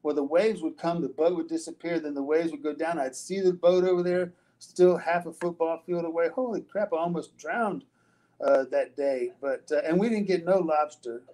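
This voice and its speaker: A man's voice: a little high, steady tone, moderate pace, mellow, poor audio. An older man, a retired wrestler, answering interview questions in a loose storytelling way, with frequent restarts, fillers and casual swearing.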